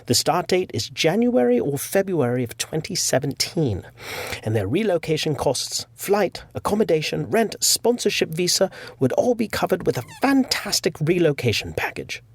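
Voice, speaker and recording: A man's voice: on the high side, big pitch swings, moderate pace, husky, no room sound, studio quality, pitched above the performer's own voice, full character voice. A man putting on a chirpy British recruiter. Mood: cheerful. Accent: put-on British. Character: polite British male recruiter writing an email.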